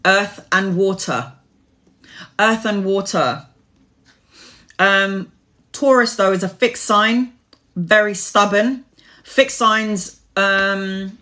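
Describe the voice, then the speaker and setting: On a live stream picked up by phone or webcam, a woman with a sharp, mid-range voice reads tarot and responds to chat questions, rambling earnestly as she gives advice.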